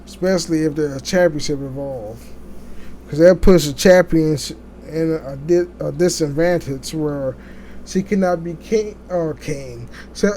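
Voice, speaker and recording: A man hosting a casual solo podcast, talking in a rambling, halting way with many restarts and fillers. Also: fairly high pitch, warm tone, slight background noise. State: sleepy, yawning. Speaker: podcast host.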